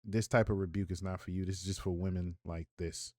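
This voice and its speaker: A man's voice: deep voice, fairly even intonation, fairly quick, dark tone, no room sound, clean studio sound. A man hosting reaction commentary on a clip, mocking and incredulous, then delivering preachy rebukes. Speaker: commentator and host.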